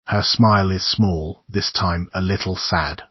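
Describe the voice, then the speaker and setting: Deep husky guy reading a horror story, somber, dry dull sound. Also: fairly even intonation, unhurried, dry recording. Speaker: audiobook narrator. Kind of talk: scripted horror narration.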